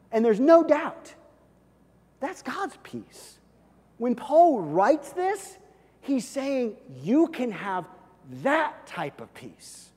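A male pastor delivers a sermon with lively, animated energy. His voice sits a little high for a man. The sound carries a long reverb, like a large church sanctuary. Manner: animated preaching, acts out God's voice in asides.

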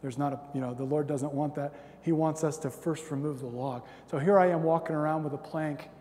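A man's voice: on the high side, steady tone, brisk, mellow. A man in his thirties preaches in a slightly raised voice. He is conversational and self-deprecating, and he acts out little stories. His voice rings with the long reverb of a large hall. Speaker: pastor. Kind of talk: sermon.

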